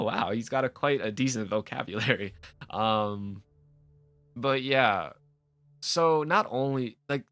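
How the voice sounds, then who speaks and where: A man with a bright, forceful voice rants freely as a gaming video host, swearing and cutting himself off mid-thought. His talk rambles and doubles back as he works through his point. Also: lowish voice. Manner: rambling, profane, frequent self-interruptions. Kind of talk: casual off-the-cuff rant to camera.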